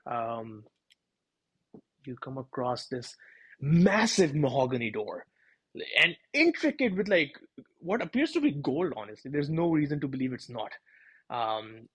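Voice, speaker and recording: A man's voice: mid-range voice, breathy edge. A man narrating a tabletop game as dungeon master in a loose, chatty way full of fillers.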